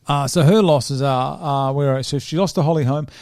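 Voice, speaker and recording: Gravelly man talking fight picks. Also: fairly high pitch, normal speed, a little mellow. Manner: rambling, thinks aloud while searching notes. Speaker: podcast host. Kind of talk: casual sports chat.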